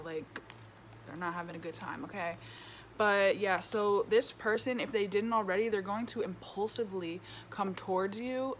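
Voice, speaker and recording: A woman's voice: mid-range voice, a little hiss or hum. A woman giving a casual tarot reading with a retainer in her mouth, chatty and full of fillers, often checking in with "okay?". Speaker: tarot reader.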